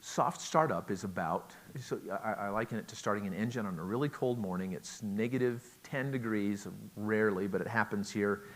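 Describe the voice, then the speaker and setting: A man's voice: lowish voice, moderate pace, hardly any pauses, a bit bright. A middle-aged man giving a relationship talk at a conference, chatty and joking, asking the audience questions. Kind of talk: lecture to a live audience.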